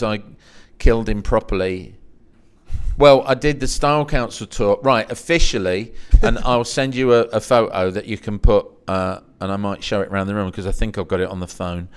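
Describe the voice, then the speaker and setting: Low-voiced English man spinning anecdotes. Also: moderate pace, smooth. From England. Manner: animated anecdotes, swooping up high when quoting himself. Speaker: podcast guest. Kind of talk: storytelling in a casual interview.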